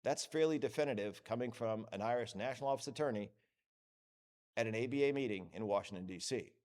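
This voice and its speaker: A man giving a lively, joking lecture at a conference, acting out what others say. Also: medium pitch, fast talker. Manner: lively, joking, acts out quoted voices. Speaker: conference speaker. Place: conference hall.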